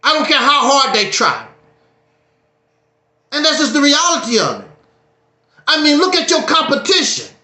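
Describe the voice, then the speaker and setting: A man's voice: very high-pitched, very animated, moderate pace, long pauses, sharp tone. A man giving a casual livestream monologue, preachy and joking with a dramatic streak. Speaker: YouTube streamer. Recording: echoey room.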